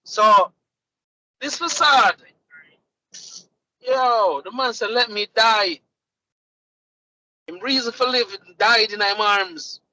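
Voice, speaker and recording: A man's voice: sits high, slow, pauses often, low-quality recording. A man co-hosting a casual group podcast, telling stories animatedly and acting out what people said. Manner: animated storytelling with lively voiced quotes. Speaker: podcast co-host.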